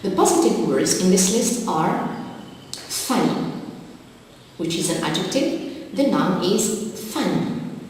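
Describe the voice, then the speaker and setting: A woman teacher speaks slowly and deliberately, going through vocabulary one word at a time. Her voice sits a little low and comes from some distance off the mic. It rings around a large, strongly echoing hall with a long reverb tail. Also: animated, darkish tone, a little hiss or hum. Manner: slow, deliberate teacher's dictation. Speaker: English teacher. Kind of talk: televised classroom lesson.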